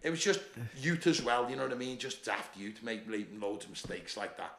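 A middle-aged man with a broad Scouse accent rattles through his stories, swearing freely and laughing as he goes. His voice has a gravelly edge to it. The sound carries the echo of a roomy space. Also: lowish voice, animated, brisk, background noise. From Liverpool, England. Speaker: bodybuilder and gym owner, guest. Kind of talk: casual storytelling chat.

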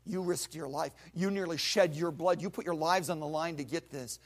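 A man's voice: fairly high pitch, moderate pace. A male pastor preaching a sermon, retelling a Bible story with vivid acted voices and sound effects.

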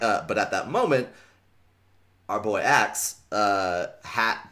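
A man's voice: fairly low pitch, takes it slowly, sharp tone. A man casually retelling a book's plot on a podcast, acting out the characters' lines and swearing freely. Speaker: podcast host recapping a book. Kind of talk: casual chat with read-aloud passages.

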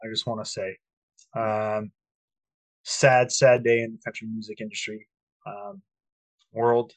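A man's voice: on the low side, flat delivery, a little slow, no echo. A man co-hosting a casual podcast over a video call, crude and profane, mocking and ranting. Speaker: podcast co-host. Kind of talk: casual chat.

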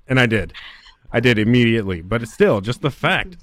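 A man's voice: mid-range voice, expressive, a little fast, dry recording. A man hosting a casual podcast, ranting about a game with constant profanity and mockery. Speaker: podcast host. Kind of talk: crude casual podcast chat.

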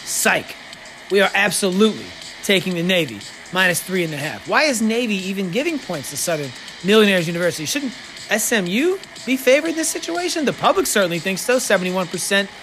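A man hosting a podcast, giving sports betting picks in a casual, sarcastic way with quick joking asides. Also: high voice, big pitch swings, over music.

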